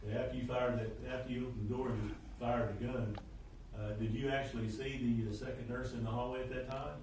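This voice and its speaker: A male attorney puts quick, direct questions to a witness. His voice comes from some distance off the mic in an echoey courtroom. Faint noise sits underneath. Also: mid-range voice, little pitch movement, darkish tone. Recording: roomy courtroom audio from a distance.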